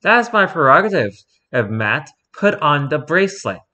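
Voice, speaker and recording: A man's voice: fairly high pitch, big pitch swings, normal speed, pushed and bright, muffled recording, pitched above the performer's own voice. A man voicing a stern, detached male researcher doctor who gives orders to prisoners.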